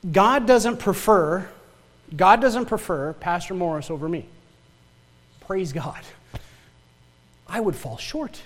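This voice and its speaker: Male pastor, Yooper accent, high voice, emphatic sermon delivery, reverberant church hall. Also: animated, takes it slowly, pauses often. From northern Michigan. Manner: emphatic preaching with rhetorical questions and repeated words.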